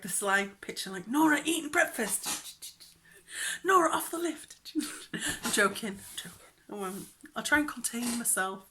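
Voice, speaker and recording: A young woman chatting casually in a craft vlog, giggly and rambling, sometimes dropping into a whisper. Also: medium pitch. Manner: chatty, giggly, drops into whispers when excited. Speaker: cross-stitch vlogger.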